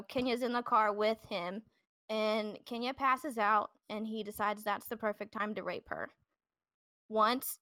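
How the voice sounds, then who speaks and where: A woman's voice: a little high, a bit bright, no room sound, studio quality. A woman hosting a podcast, telling a true-crime story in a loose, chatty way with plenty of fillers and restarts. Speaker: podcast host. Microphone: podcast microphone.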